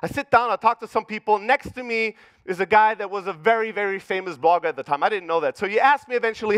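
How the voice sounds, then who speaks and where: A middle-aged Greek man tells stories to a conference crowd with a Greek accent and plenty of swearing. His voice sits high. The sound is dry and close, with no room echo. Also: quick pace, hardly any pauses, a bit bright, clean tone. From Greece. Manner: profane, punchy storyteller acting out dialogue. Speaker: conference speaker. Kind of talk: motivational keynote storytelling. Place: conference stage.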